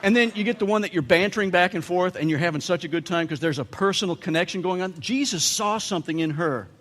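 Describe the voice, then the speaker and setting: A man's voice: sits high, fast, fairly bright tone, long reverb tail. A man with an American accent preaching a sermon as pastor, telling humorous stories and putting on playful voices for quotes. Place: church sanctuary.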